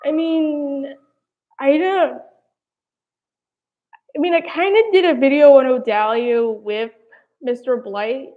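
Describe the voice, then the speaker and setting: Speaking slowly with long pauses, this high-voiced young woman from New Jersey rambles through casual livestream chat as host of an animation commentary channel. She hesitates constantly with "like" and "I don't know," a little out of breath, over tinny phone-like audio.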